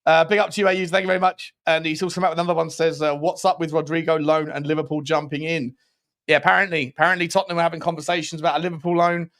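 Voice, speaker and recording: Guy hosting a football live stream, jokey and chatty, fairly high voice. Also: flat delivery, rapid-fire, fairly bright tone. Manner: chatty, jokey, reads out viewer messages. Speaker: podcast host.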